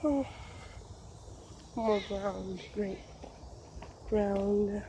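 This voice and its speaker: A woman vlogging on a nature trail, out of breath and deadpan, listing what she walks past. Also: medium pitch, extremely slow, rough recording. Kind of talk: casual vlog narration while hiking. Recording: faint outdoor background noise.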